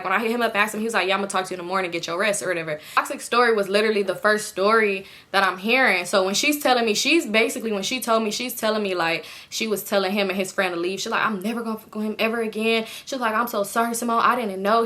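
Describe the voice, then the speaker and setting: A young woman from California telling a personal story in a casual vlog, animatedly acting out what everyone said, with lots of swearing. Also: mid-range voice. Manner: animated retelling, voices others with expletive-laden quoted outbursts. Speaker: storytime vlogger.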